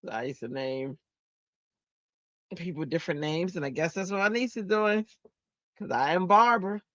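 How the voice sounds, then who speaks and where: A woman hosting a crafting stream, chatting casually and telling stories in an animated way while she works. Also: lowish voice, normal speed, no room sound, dull audio. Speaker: crafting channel host.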